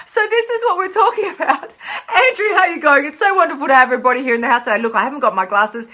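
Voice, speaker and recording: A woman's voice: high voice, lively intonation, fast, sharp tone. A middle-aged woman, a weight-loss coach hosting a live stream, talking in a playful, emphatic way and repeating phrases for effect. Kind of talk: live-stream motivational talk.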